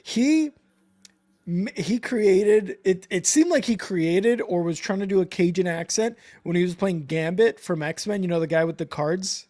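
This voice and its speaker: A man's voice: sits high, unhurried, mellow. A man co-hosting a football live stream in casual chat, laughing easily and swearing offhand.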